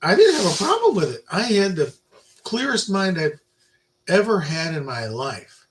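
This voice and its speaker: An older man giving an informal Bible lecture, rambling through personal stories and swinging between loud emphasis and quiet asides. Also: high voice, sing-song, normal speed, background noise. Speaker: Bible teacher.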